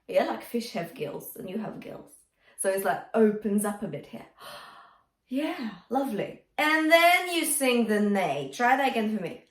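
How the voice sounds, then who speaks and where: A woman's voice: medium pitch, very animated, normal speed. A woman teaching a singing lesson as a vocal coach, encouraging and singing example phrases. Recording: roomy and a bit distant from the mic.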